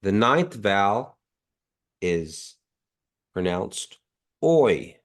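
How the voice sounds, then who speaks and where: Man, deep voice, nasal from allergies; patient teacher repeating sounds slowly for the class on a video call. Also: animated, a little mellow. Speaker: language teacher. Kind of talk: online language class.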